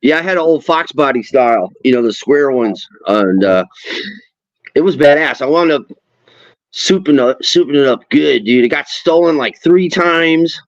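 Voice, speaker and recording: Animated swearing man telling stories. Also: fairly high pitch, moderate pace, no echo. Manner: animated storyteller, swears freely, acts out voices. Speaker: host. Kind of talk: casual chat while fishing. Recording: dull lo-fi sound.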